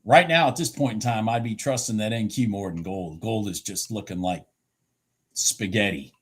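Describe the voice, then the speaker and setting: A man giving excited live commentary on futures trades, exclaiming and repeating himself, with a husky voice. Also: on the low side, normal speed.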